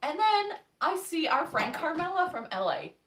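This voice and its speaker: Bright-voiced chatty woman, echoey room. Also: high voice, very animated, normal speed, recorded from a distance, slight background noise. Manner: chatty, laughing storyteller. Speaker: guest. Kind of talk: casual storytelling chat.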